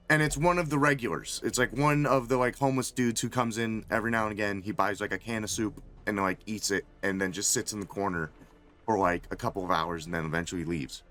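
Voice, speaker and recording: A man's voice: mid-range voice, fairly bright tone. Profane man rambling through a story. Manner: rambling, profane, lots of fillers. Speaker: streamer. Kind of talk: casual storytelling on a game stream.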